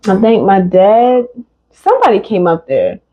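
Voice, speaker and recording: Animated woman telling a story. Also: mid-range voice, unhurried, lo-fi sound. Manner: animated storyteller, acts out quotes. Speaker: podcast co-host. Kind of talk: casual chat.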